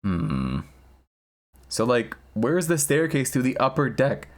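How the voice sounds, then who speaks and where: A man's voice: medium pitch, sing-song, slow pace. A young man streaming a game, chatting casually in a rambling, crude, jokey way and laughing often. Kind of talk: casual gameplay chat.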